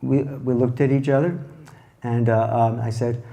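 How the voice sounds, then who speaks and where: A man giving a lecture as a therapist, telling a clinical case in a reflective, halting way with soft restarts. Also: medium pitch, flat delivery, creaky.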